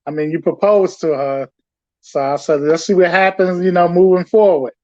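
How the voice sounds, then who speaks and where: Man, middle-aged, warm and measured, dull muffled sound, dry. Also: sits high, fairly even intonation, no echo. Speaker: guest, the host's father. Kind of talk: casual interview answers.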